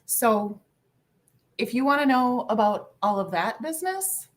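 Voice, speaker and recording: A woman's voice: fairly high pitch, big pitch swings, unhurried. A woman hosting a casual livestream, greeting viewers by name and swearing offhandedly. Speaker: livestream host. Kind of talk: casual live chat.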